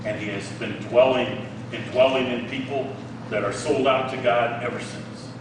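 A man preaching a sermon, reading scripture and explaining it with animated asides, often asking "Okay?". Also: medium pitch, normal speed, heavy reverb, distant mic, noisy background.

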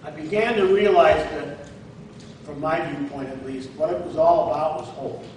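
A man's voice: on the high side, moderate pace, a little mellow. Man preaching in an echoey hall. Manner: conversational, checks in with "all right?"; acts out quoted lines with rising emphasis. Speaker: guest preacher. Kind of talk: sermon. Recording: very echoey, distant mic, faint noise.

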